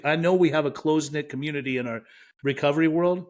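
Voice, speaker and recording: A man's voice: on the high side, quick pace. Man frankly telling his recovery story. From Iran. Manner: frank, reflective, self-mocking. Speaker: podcast guest. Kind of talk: candid recovery story in podcast interview.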